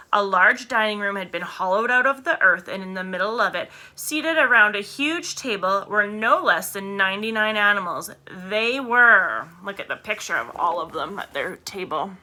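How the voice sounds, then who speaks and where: A woman reads a children's storybook aloud with an expressive, animated delivery. Her voice is bright and swings widely, and she pauses to fix her own slips. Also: medium pitch. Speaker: reader. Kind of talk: reading a children's book aloud.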